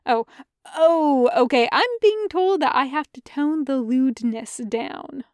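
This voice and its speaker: A woman's voice: high voice, expressive, takes it slowly, a little mellow, dry recording, studio quality. A woman voicing a cocky young man who vlogs candy reviews, wry and swearing casually. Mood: cheeky.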